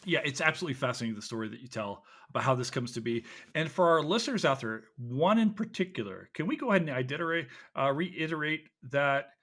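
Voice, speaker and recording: A man's voice: medium pitch, lively intonation, fast, few pauses, a bit bright. A man hosting a podcast, asking questions in a playful, joking way. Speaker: podcast host. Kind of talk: casual interview.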